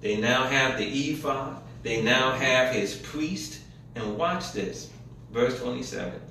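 A man's voice: medium pitch, takes it slowly, pushed and bright, slight background noise. A man preaching a sermon, retelling scripture in casual, colloquial paraphrase, recorded in a church. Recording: echoey room from a distance.

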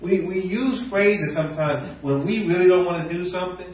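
Man preaching, kinda high voice, gets loud and acts out the quotes, mic far off, big echo. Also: moderate pace. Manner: animated, rising to near shouts, acts out quotes. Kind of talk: sermon. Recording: echoey room, distant mic, muffled.

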